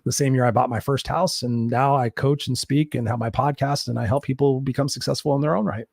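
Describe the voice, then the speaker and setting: A man's voice: mid-range voice, fairly even intonation, brisk, creaky, a little mellow, husky, no room sound, studio quality. A man who works as a life coach, guest in an interview, telling his story bluntly and candidly, with some swearing.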